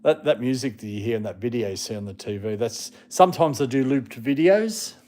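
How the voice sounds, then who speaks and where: A man's voice: medium pitch, animated, fairly quick, a little mellow. A man live streaming, chatting casually and rambling, breaking off now and then to scold his dogs. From Australia. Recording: music playing in the background.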